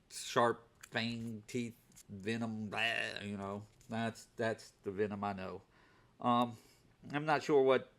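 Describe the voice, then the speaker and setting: A man casually talking through his week's comic purchases, with many fillers and repeated words as he goes. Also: mid-range voice. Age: adult working overnight shifts. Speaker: comic book vlogger. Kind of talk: casual unscripted show-and-tell.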